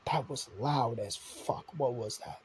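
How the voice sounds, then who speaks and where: A man voicing a blunt, foul-mouthed young male superhero who curses often and sometimes drops to a breathy hush. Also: fairly high pitch, fairly even intonation, unhurried, a little hiss or hum, lightly acted. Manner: swears constantly, often hushed and breathy.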